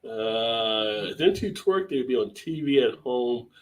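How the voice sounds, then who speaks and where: A chatty man hosting a casual live stream from home, reading viewer comments aloud and laughing often. His voice sits at a middle pitch but moves around a lot. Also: lively intonation, measured pace, rough recording.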